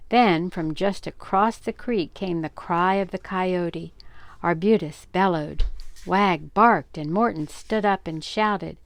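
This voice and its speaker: A woman's voice: fairly low pitch, takes it slowly, creaky, no echo. Grandmotherly woman reading a story aloud. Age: older. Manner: gentle, expressive reading.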